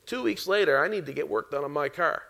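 Bright high-voiced preacher from Canada. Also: male voice, fast, creaky. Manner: storytelling, animated, laughs often. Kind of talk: sermon with personal testimony.

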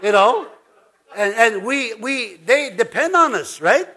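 A man's voice: very high-pitched, animated, slow pace, sharp tone, slight background noise. A man preaching an informal sermon as pastor, chatty and laughing, with frequent restarts and repeated words.

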